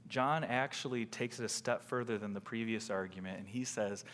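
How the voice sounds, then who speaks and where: A pastor preaching a sermon with emphasis, throwing rhetorical questions at the congregation. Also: male voice, on the low side, normal speed, few pauses, fairly bright tone, long reverb tail.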